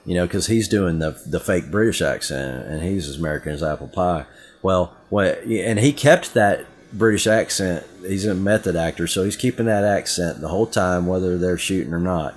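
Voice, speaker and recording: A man's voice: deep voice, normal speed. A middle-aged man with a Southern US accent, co-hosting a podcast in casual chat and telling rambling stories full of asides. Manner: rambling, lively storytelling with many asides. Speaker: podcast co-host.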